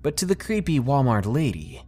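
A man reading first-person scary stories in a steady, scripted narration with dramatic pauses. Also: mid-range voice, soft background music. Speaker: storyteller reading submitted stories.

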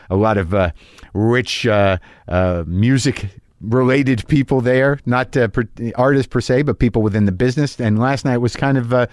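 A middle-aged man delivers a casual solo podcast monologue, wandering through his thoughts with lots of fillers and false starts. His voice sits at an ordinary pitch for a man. The sound is dry, with no room echo. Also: a little mellow. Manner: rambling, self-deprecating, many restarts and fillers. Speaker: podcast host.

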